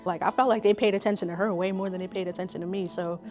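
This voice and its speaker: A woman, a school counselor telling stories in an interview in a relaxed, conversational way with many fillers. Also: mid-range voice, very fast, faint music behind. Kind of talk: interview storytelling.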